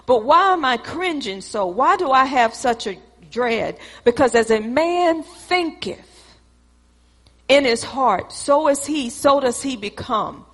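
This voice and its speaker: A woman preaches in a large church hall, her voice carrying a long reverb. She speaks high and slow, building points by repeating phrases. She plays out both sides of a quarrel as she teaches. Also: a bit bright. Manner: dramatic, acts out both sides of an argument; repetitive, preacherly cadence. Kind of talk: sermon with acted-out dialogue.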